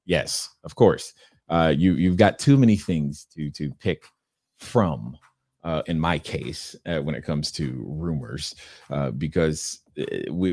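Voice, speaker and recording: A middle-aged man with a low voice hosts a relaxed livestream, reading viewer questions aloud and riffing on them with easy chuckles. The sound is clean studio quality with no echo.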